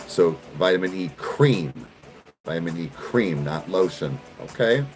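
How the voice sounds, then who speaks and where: A man with a very deep voice talks casually to the camera and to his dogs. His delivery swings lively up and down. Faint music plays underneath. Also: unhurried, rough recording. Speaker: vlogger. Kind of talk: casual vlog chat.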